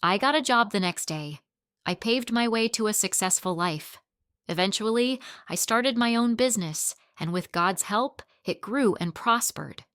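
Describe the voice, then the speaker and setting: A woman's voice: medium pitch, lively intonation, measured pace, fairly bright tone, clean tone, no echo, clean studio sound. A woman playing a poised businesswoman. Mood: reminiscing. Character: poised successful businesswoman, kind and confident.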